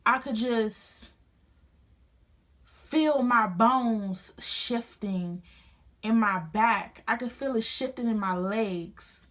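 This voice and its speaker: A woman's voice: on the high side, drawn-out words, a bit bright. A young woman vlogger telling a painful personal story to a phone camera in casual, earnest speech full of restarts. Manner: earnest and emotional, many restarts. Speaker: beauty vlogger. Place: home studio.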